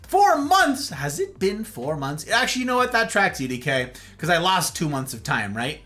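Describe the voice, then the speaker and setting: A male streamer chatting with his viewers, very animated, his voice leaping high and dropping low. His tone is bright and lively, with a jokey edge. Soft music plays faintly underneath. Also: moderate pace. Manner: playful and jokey, with big swoops of pitch. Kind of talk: casual live-stream chat with viewers.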